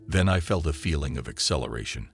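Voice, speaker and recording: A man's voice: very deep voice, animated, fast, creaky, husky. A man reading a first-person story aloud as a narrator, in an earnest, emotional storytelling manner. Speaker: narrator of submitted stories. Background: faint background music.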